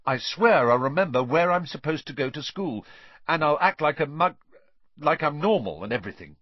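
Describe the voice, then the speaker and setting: A man's voice: a little high, expressive, moderate pace, no room sound, muffled recording, pitched above the performer's own voice. A man voicing a defiant teenage boy who speaks coldly and grimly. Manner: cold, grim.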